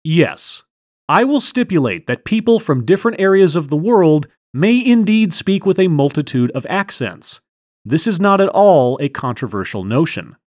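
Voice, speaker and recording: Low, lively-pitched, sardonic woman. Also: normal speed, no room sound. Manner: theatrical, dry and sardonic. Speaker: host. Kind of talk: mock mind-reader comedy skit.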